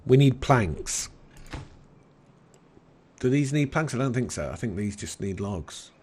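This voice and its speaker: Slow, soothing English man. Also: mid-range voice, animated, slight background noise. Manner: soft, soothing, unhurried. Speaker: game commentator. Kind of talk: relaxed let's-play commentary.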